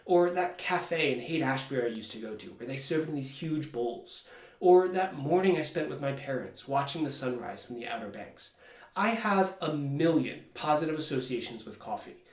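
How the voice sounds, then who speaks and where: A middle-aged man coaching on well-being in a relaxed, self-deprecating way, his voice rising and falling a lot. He sits back from the mic, so the room rings around him. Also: mid-range voice, moderate pace. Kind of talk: calm personal talk to camera. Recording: echoey room, mic at a distance.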